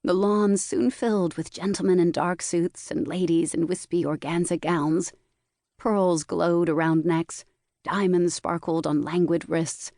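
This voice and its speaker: A woman narrating a historical mystery audiobook in a measured storytelling manner, recorded in a booth. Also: on the low side, steady tone, warm tone, no echo, studio quality. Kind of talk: scripted narration.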